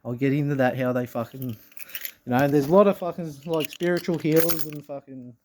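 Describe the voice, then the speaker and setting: A man talking straight to his viewers in a rambling monologue, swearing constantly, restarting his sentences, and swinging between low mutters and loud outbursts. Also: fairly even intonation, fairly quick, slight background noise. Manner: profane, intense and rambling, with frequent restarts. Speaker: vlogger.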